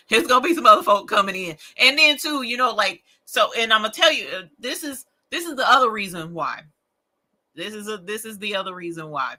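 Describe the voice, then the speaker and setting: A woman's voice: lowish voice, pushed and bright. A woman hosting a late-night crafting livestream, chatting to viewers in a rambling, folksy way and laughing often. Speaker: livestream host of a rhinestone crafting show.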